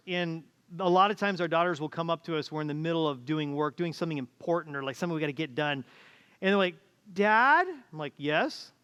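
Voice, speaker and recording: A man's voice: fairly high pitch, a bit bright, clear, resonant tone. A middle-aged man preaching a conversational sermon as pastor, acting out quoted voices, recorded in a church auditorium. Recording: church hall reverb.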